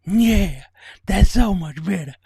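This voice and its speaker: A man on a livestream voicing a creepy, wizened little alien sage with a husky, croaking voice. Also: high-pitched, lively intonation, warm tone, no room sound, clean studio sound, voice pushed up, full character voice. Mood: creepy amused. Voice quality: gravelly, husky, slow croak.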